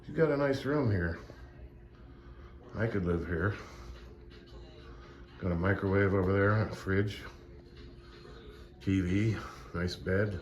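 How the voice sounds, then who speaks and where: A man's voice: low-pitched, slow, pauses often, distant mic. A man talking casually to his camera, rambling and repeating himself in an exasperated way, sitting in a small care home room. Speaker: vlogger. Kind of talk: casual vlog talk.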